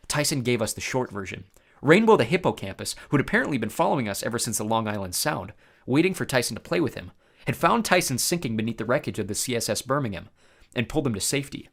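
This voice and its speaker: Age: adult. Sex: man. Style: expressive storybook narration, pitch that moves a lot, middle register. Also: creaky. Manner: expressive first-person reading.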